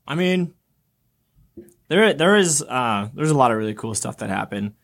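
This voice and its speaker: A young man co-hosting a casual talk show, telling a travel story with lively acted-out quotes. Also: moderate pace, gravelly. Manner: animated storyteller, acts out quotes with jumps in pitch. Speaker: podcast co-host.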